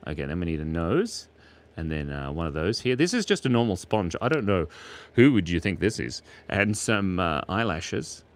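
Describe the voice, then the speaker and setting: A man with an Australian accent, casually chatting and joking with his chat while he draws. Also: lowish voice. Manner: playful, jokey, reads chat aloud and laughs often. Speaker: streamer drawing live for chat. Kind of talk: casual live drawing stream.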